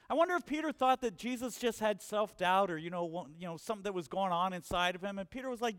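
A man preaching a sermon, animated, acting out quotes and asking questions. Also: high-pitched, a little fast, no echo, studio quality.

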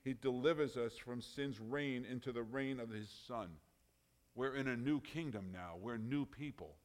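A man's voice: mid-range voice, unhurried. Emphatic man preaching a sermon. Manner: emphatic, rising and dropping in loudness.

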